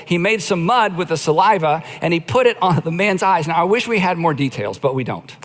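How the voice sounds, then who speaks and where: A middle-aged man with a fairly high voice delivers a sermon as a pastor, talking to the congregation in a relaxed, conversational way. He stretches out key phrases and acts out quotations with slow emphasis. His voice carries the long reverb of a large auditorium.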